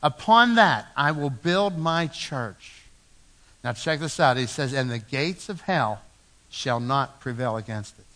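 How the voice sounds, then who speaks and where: A man preaching a sermon as pastor in a church, swinging from loud emphatic lines to low, hushed ones. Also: lively intonation, a little slow.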